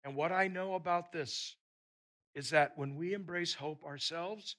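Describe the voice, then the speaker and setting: A man preaching a sermon, telling a personal story in a lively way and often repeating words. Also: on the high side, a little slow.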